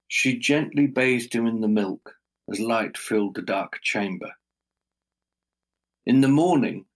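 A man telling a folk tale aloud in a slow, measured, dramatic way. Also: medium pitch. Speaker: storyteller. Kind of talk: oral storytelling.

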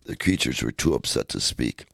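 Very deep, gravelly man reading a story. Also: no echo, clean studio sound. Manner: measured, steady reading. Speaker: narrator.

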